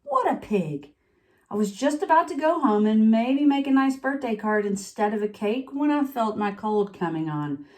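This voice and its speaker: A woman's voice: on the high side, animated, normal speed, a little mellow, lightly acted. Self-pitying wolf telling his own side, as a woman reads it aloud; confiding, storybook read-aloud. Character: sniffly, self-pitying male wolf narrator. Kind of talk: picture-book read-aloud.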